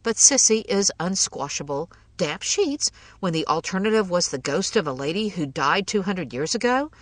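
A woman's voice: on the low side, sing-song, moderate pace, no room sound. A woman voicing a sensible friend who answers with withering sarcasm, in a storybook reading.

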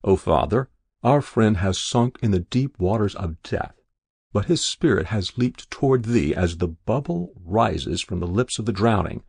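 A man voicing a composed army officer who speaks in a steady, solemn way. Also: on the low side, measured pace, vocal fry, breathy edge, no echo, studio quality, full character voice.

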